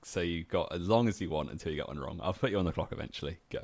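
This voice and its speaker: A man's voice: low-pitched, racing, vocal fry, darkish tone. A young man co-hosting a casual podcast and running a quiz, with dry, wry remarks. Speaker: podcast co-host and quizmaster. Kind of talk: casual chat.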